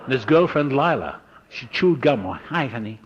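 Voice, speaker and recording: An older man telling a personal recovery story to an audience, animated and acting out the voices of people he met. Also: mid-range voice, moderate pace, dull audio, very noisy. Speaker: speaker sharing his recovery story.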